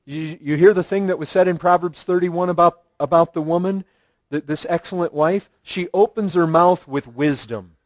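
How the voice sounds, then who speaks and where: Male preacher, high voice, dry close sound; earnest, emphatic sermon delivery with repetition. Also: normal speed, dry recording. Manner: earnest preaching with rising emphasis and repeated phrases. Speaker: pastor.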